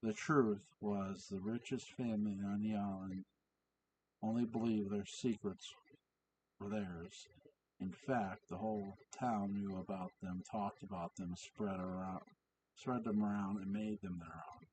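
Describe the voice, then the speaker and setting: Slow, halting man reading a story. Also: fairly low pitch, steady tone, darkish tone, far from the mic, slight background noise, low-quality recording. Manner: halting, corrects own slips. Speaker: reader. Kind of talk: reading fan fiction aloud.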